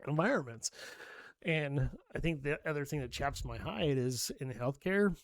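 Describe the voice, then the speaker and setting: Middle-aged man, profane animated storyteller. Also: on the high side, moderate pace, no room sound. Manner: animated storyteller, swears freely, acts out quoted dialogue. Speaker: nurse and podcast co-host. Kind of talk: casual podcast storytelling.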